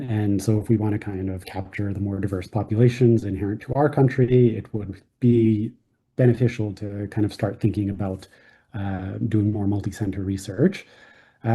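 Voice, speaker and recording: A man giving a conference research talk in a very dark, husky voice. He pauses often, filling the gaps with ums and uhs. His pitch sits a little low. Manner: hesitant, many ums and uhs. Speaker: presenting physician researcher.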